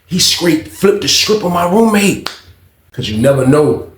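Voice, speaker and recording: A man telling a prison story in casual, animated slang, acting out quotes with loud high shouts and hushed asides. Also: a little slow, reverberant, a little hiss or hum. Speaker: storyteller vlogger.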